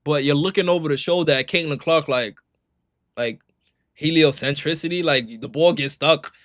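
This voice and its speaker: A young man talks fast and loose to his stream chat, his voice pitched a touch high and strikingly bright, in a dry, close sound. He circles back on his points and keeps asking if you follow him. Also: no room sound. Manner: animated, repetitive, keeps saying "you know what I'm saying". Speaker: streamer reacting to sports clips. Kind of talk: casual live-stream commentary.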